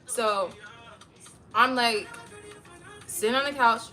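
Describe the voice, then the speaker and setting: A woman streaming from home, chatting casually with her viewers and telling a story in a lively, profane way. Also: a little high, slow pace, soft background music. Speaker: live streamer.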